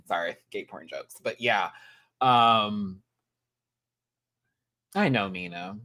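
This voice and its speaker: A man hosting a live reaction review, talking in an animated way and repeating words for emphasis. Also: lowish voice, takes it slowly, pauses often. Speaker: host.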